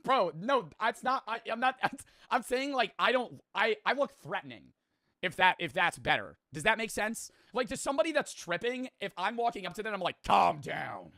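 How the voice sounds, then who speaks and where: A man with a bright, forward voice talks through a reaction video in loose, rambling commentary. He swears freely and jokes at his own expense. The sound is close and dry. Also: high voice, animated, no echo. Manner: rambling, profane, self-deprecating, quick to laugh.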